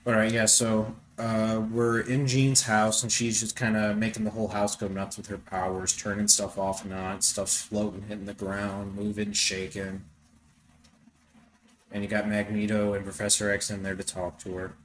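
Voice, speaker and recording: A man's voice: fairly low pitch, level tone, normal speed, a little hiss or hum. A young man hosting a podcast, giving casual, rambling commentary on a film. He swears often and fills his talk with "uh" and "like". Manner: rambling, profane, with frequent fillers. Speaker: podcast host reacting to a film.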